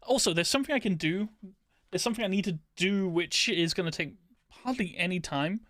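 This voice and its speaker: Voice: medium pitch, fairly quick, no room sound. Casual muttering streamer, dry sound. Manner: relaxed, mutters to self, swears casually. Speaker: live streamer. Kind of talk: casual chat while editing videos.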